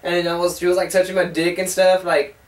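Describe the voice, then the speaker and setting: High-voiced young dude rambling dirty stories, off-mic in an echoey room. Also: male voice, level tone, brisk, distant mic. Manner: crude, rambling, acts out quotes. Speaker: co-host. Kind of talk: casual storytelling chat.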